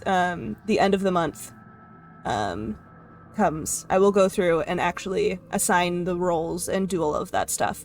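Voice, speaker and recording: A young woman chatting casually on her livestream from her room at home, giggling often and cooing at her dog. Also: medium pitch. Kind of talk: casual stream chat.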